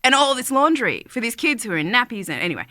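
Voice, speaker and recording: A woman's voice: on the high side, big pitch swings, sharp tone, no room sound, studio quality. A woman co-hosting a podcast, telling stories in a chatty, casual way. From Australia. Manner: chatty storyteller, quick asides. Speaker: podcast co-host. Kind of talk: casual chat.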